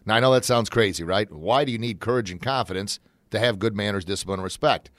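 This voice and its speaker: A man hosting his own motivational talk show in a folksy, upbeat manner that jumps into excited shouts when he acts out examples. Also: on the low side, fast, no echo, clean studio sound.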